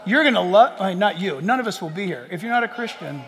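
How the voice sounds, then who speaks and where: A man preaching a sermon as pastor in a large church, animated and joking, acting out people in quotes. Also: high-pitched, quick pace, big-room sound, slight background noise.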